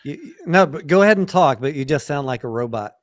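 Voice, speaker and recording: A man's voice: on the high side, expressive, quick pace, no room sound. A man hosting a late-night livestream chat, joking and swearing, tired and reading viewer comments aloud. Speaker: livestream host. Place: home in Texas.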